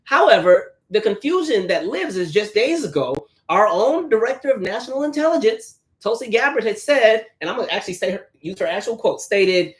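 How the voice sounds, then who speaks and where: A man hosting a casual commentary chat. He talks conversationally, keeps asking "right?", and slips into quick mocking voices. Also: high-pitched, very animated. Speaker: host.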